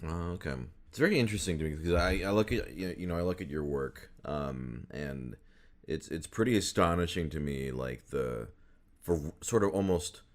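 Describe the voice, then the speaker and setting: Podcast host, male, very low voice, relaxed rambling chat. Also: moderate pace. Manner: relaxed, rambling, laughs often. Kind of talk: casual interview chat.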